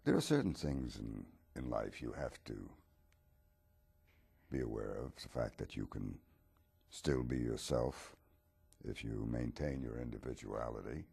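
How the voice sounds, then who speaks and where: A man voicing Dracula as a mild, wistful aging vampire talk-show host, speaking slowly and haltingly. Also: very deep voice, dark tone, full character voice. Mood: musing. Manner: slow, halting, gravelly and husky.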